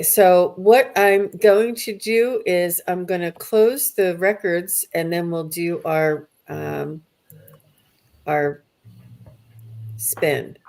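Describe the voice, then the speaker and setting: A woman hosting a spiritual livestream, soft-spoken and gushing as she thanks her viewers. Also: lowish voice. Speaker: livestream host. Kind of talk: live stream chat.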